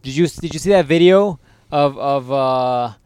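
A man riffing on a podcast in crude, swear-laden banter, animating his stories with quick put-on voices. His voice is smooth and resonant at a middle pitch. The sound is dry and close, with no room around it. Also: dry recording. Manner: loose, swearing, animated storytelling. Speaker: podcast co-host.

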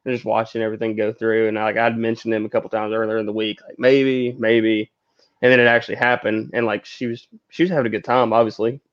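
A man in a casual podcast chat, rambling with lots of "I mean" and "like" as he shares his excitement. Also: fairly low pitch, fast talker, lo-fi sound.

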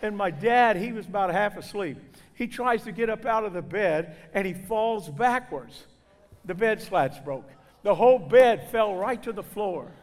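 An older man speaks to a gathering, spinning folksy, funny stories and acting out every character. His voice sits fairly high for a man. A long reverb trails each word, as in a large hall. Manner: folksy, animated, acts out voices. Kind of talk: humorous storytelling talk.

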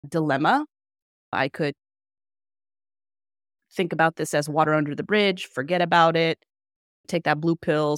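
A tech marketer and podcast co-host gives a presentation to other marketers. The delivery is candid, with self-deprecating asides. The voice sits at a middling pitch and the sound is dry and close, with no room around it. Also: no room sound.

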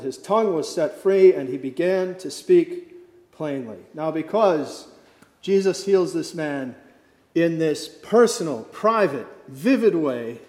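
A pastor delivering a sermon, slow and emphatic, dropping to soft, quiet phrases for effect. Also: male voice, on the high side, echoey room, in a large hall. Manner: slow emphatic preaching with dramatic drops in volume.

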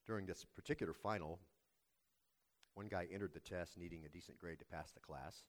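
A man preaching a sermon as pastor, telling a story in a measured, earnest way. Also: low-pitched.

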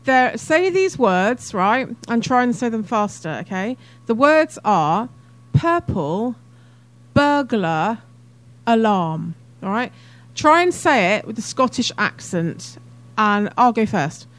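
A woman's voice: a little high, very animated, slow pace, low-quality recording. A woman co-hosting a casual podcast, chatty and laughing often. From England. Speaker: podcast co-host. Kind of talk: casual chat.

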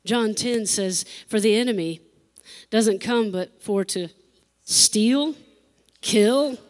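A woman's voice: medium pitch, takes it slowly. A woman pastor preaching an emotional sermon, repeating phrases for emphasis and laughing between lines.

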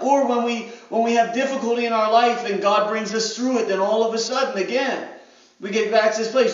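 A man's voice: high voice, normal speed. A man preaching a sermon as pastor, acting out crowd voices in dramatic quotes. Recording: echoey hall, distant mic, dull sound.

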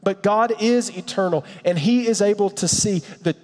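Male pastor, sermon, earnest, reflective, high voice, long reverb. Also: darkish tone. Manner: earnest and reflective, with a storyteller's pauses.

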